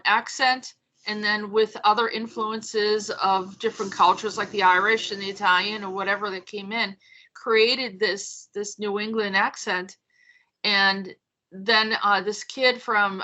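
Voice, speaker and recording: A woman podcast host from the United States with a bright, forceful voice. She chats loosely and tells stories with plenty of "you know" and "um" along the way. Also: mid-range voice, fairly even intonation, a little slow, poor audio. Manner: chatty, storytelling with many fillers. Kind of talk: casual conversation.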